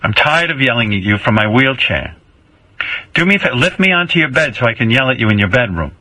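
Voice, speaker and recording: A man's voice: mid-range voice, sing-song, a little fast, bright, forceful tone, no room sound, pitched above the performer's own voice, rough recording. A man playing a nagging, guilt-tripping older mother who acts like a martyr, whining and repeating the same complaints in a comic improvised bit. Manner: whiny, theatrical, repeats complaints.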